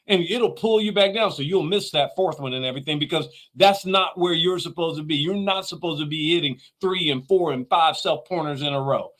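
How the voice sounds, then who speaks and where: A man's voice: fairly high pitch, brisk, few pauses, a bit bright. A man giving a motivational talk, emphatic and repeating his key phrases. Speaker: motivational speaker.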